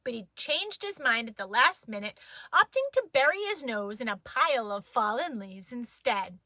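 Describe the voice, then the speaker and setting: A woman reading a children's story aloud, playful and expressive. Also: on the high side, normal speed, no echo.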